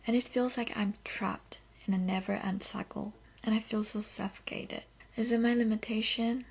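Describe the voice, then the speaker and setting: A woman's voice: medium pitch, flat delivery, normal speed, vocal fry, few pauses, breathy edge. A young woman with a Korean accent hosting a solo podcast, talking candidly and reflectively with a loose, conversational flow. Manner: candid, reflective, often starts with "so". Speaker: podcast host. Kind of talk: casual solo podcast talk.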